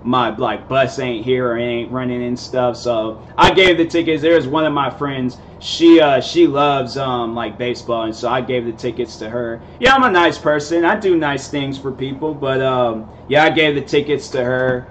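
A man's voice: medium pitch, moderate pace, hardly any pauses, fairly bright tone, a little hiss or hum. Laid-back rambling young man. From Seattle area, USA. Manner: rambling, filler-heavy, laid-back slang. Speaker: vlogger host. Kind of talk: casual storytelling.

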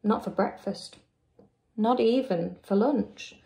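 A teacher reading a picture book aloud to young children, with an expressive, drawn-out delivery. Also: female voice, mid-range voice, vocal fry. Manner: expressive, drawn-out, lively character voices.

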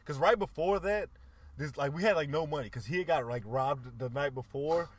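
A man's voice: fairly high pitch, normal speed, no echo. A man co-hosting a podcast, telling a long casual story full of slang and swearing. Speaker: podcast co-host. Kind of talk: casual chat.

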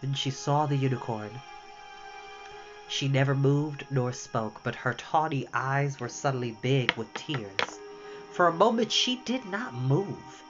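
A storyteller in their thirties reads a novel aloud, the voice rising and falling in lively sweeps. The recording is dull and lo-fi, with faint music playing underneath. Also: mid-range voice, a little slow. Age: 30s. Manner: lively, expressive reading. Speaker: storytime reader.

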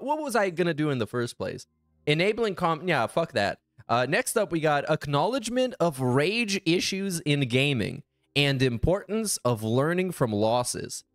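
A man's voice: medium pitch, no echo, studio quality. A man hosting a casual reaction commentary, sarcastic, profane and exasperated. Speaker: commentary channel host.

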